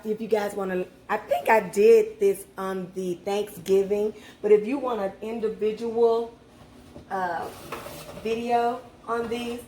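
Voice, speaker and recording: A woman's voice: mid-range voice, dark tone, slight background noise. A woman hosting a casual home cooking vlog, chatty and heartfelt, talking straight to her viewers from her kitchen. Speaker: cooking channel host.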